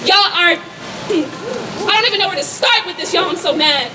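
Her very high-pitched voice moving fairly quickly, a young student rally speaker pelts the crowd with rhetorical questions in a passionate protest speech outdoors on campus. The rally's sound system carries her voice, which sounds far off amid crowd noise.

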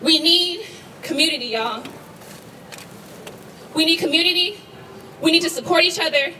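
At an outdoor campus protest, a young woman gives an impassioned rally speech, firing rhetorical questions at the crowd at a moderate pace. Her voice is very high with a sharp tone. She's amplified by the rally sound system yet sounds distant over crowd noise.

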